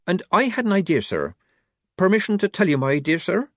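A man's voice: sits high, big pitch swings, fairly quick, fairly bright tone, no room sound, studio quality, pitched above the performer's own voice, full character voice. A man voicing a young woman disguised as a keen boy private, speaking in a raised, eager, dutiful way.

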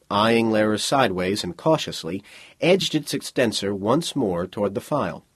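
A man with a low, slightly husky voice narrates a science fiction story in a measured, steady reading. The sound is dry and close, with no room around it. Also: no room sound. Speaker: audiobook narrator.

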